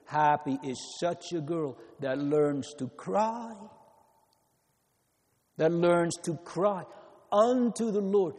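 Slow, mellow preacher in an echoing hall. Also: male voice, fairly high pitch. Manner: slow, earnest preaching with repeated phrases and emphatic rises. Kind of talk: sermon. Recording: long hall reverb.

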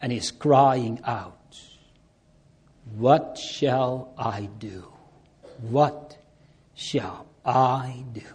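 A man delivers a sermon at a very unhurried pace, his voice sitting at an ordinary pitch. He speaks earnestly and stretches out his pleading phrases, letting the words hang. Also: dark tone. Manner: slow, earnest preaching with drawn-out pleading cries. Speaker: preacher.

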